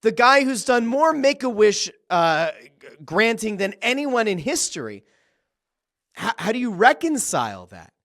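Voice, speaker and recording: Rich: A male podcast host with a high, bouncy voice that swoops up and down as he talks. He chats casually and excitedly, swearing freely and acting out his own reactions in quoted bursts. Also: measured pace. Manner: uses profanity freely.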